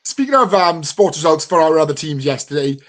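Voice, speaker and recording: A man's voice: fairly high pitch, animated, a little fast, fairly bright tone. A man hosting a casual sports podcast, introducing his co-hosts with showman-like flair. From United Kingdom. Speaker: podcast host.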